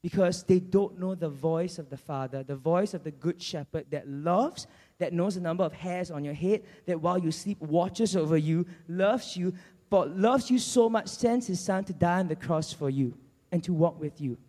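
Male preacher with a very high voice and a lively storytelling delivery, recorded in an echoing hall. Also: normal speed. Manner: animated storytelling, acting out characters. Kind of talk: sermon. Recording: long church hall reverb.

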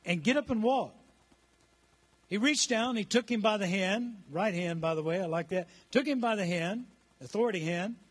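Older male pastor, sermon, high voice, rousing, calls for responses from the pews. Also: moderate pace. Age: 60s. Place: church.

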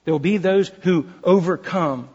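A male preacher delivers an emphatic sermon and repeats his key phrases to drive them home. His voice sits high and a little husky. The recording is dull and lo-fi, with long reverb from a large hall. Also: moderate pace, a little mellow. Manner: addresses the congregation as folks. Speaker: pastor.

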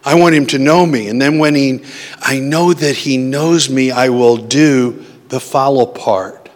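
A man's voice: medium pitch, measured pace. A man preaching a sermon in a conversational way, often asking his listeners questions. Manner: conversational, asks the audience questions. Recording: long hall reverb.

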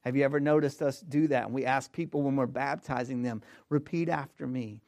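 A man preaching a sermon as pastor, emphatic, repeating key phrases and swinging between hushed and loud delivery. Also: mid-range voice, steady tone, quick pace.

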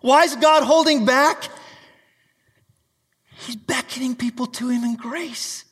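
A man's voice: very high voice, slow, fairly bright tone, slightly rough, in a large hall. A man preaching a fervent sermon, reading scripture aloud and pleading with listeners. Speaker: pastor.

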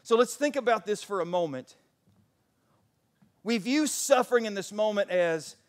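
A middle-aged man preaching a sermon as pastor. He moves between fervent, near-shouted passages and quiet, intimate storytelling, and acts out voices when he quotes others. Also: high-pitched, expressive, unhurried.

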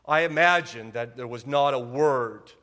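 A man in his forties preaching a humorous sermon to a church congregation, full of quick asides and repeated "okay?". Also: medium pitch, sharp tone. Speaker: pastor. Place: church sanctuary.

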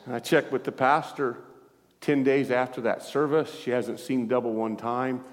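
A man's voice: medium pitch, steady tone, moderate pace, long reverb tail, slight background noise. A man preaching a sermon as pastor, telling a story animatedly, acting out the dialogue and laughing often. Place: church.

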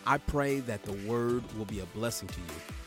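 A man's voice: on the low side, lively intonation, moderate pace. A man, a pastor, opening a podcast with a welcoming address. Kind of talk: podcast introduction. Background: soft music.

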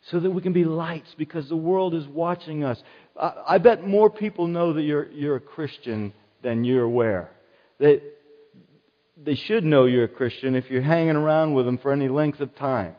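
This is a middle-aged male pastor giving an earnest, conversational sermon, frequently repeating his main phrases. He talks unhurriedly in a fairly high voice. The recording sounds dull and carries a long hall reverb.

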